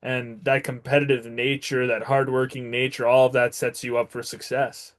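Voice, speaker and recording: A man's voice: mid-range voice, level tone, normal speed. A man hosting a podcast interview, speaking in a friendly, reflective way. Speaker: podcast host. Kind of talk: casual interview chat.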